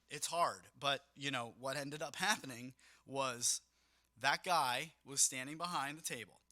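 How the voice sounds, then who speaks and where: A man's voice: fairly high pitch, dry recording, clean studio sound. A young man, a DJ, casually recounting a wedding gig, acting out what people said and swearing freely. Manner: animated, acts out quotes, swears casually. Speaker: mobile DJ and podcast host. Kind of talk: casual storytelling monologue.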